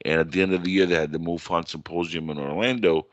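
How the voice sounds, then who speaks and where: A man hosting a podcast in casual chat, telling a story with lively energy and acting out other people in a high voice. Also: fast talker, no room sound, highs cut off. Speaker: podcast host.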